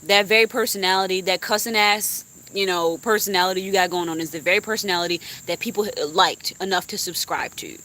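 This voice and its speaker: A woman's voice: medium pitch, fairly even intonation, a little fast, few pauses, bright, forceful tone. A young woman YouTuber venting bluntly to her live stream chat, cussing freely.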